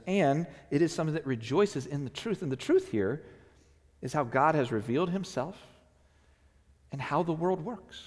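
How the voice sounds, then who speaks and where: A man preaching a sermon as a pastor, talking conversationally and acting out quotes in an animated way. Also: mid-range voice, in a large hall. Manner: conversational, animated storytelling with playful acted-out quotes.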